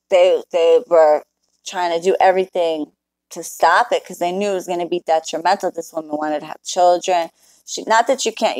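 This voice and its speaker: A woman's voice: lowish voice, darkish tone, no room sound, low-quality recording. Blunt, profane woman telling a story. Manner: profane, blunt, talks straight to viewers. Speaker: spiritual worker telling a client story. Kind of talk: casual storytelling to a live chat.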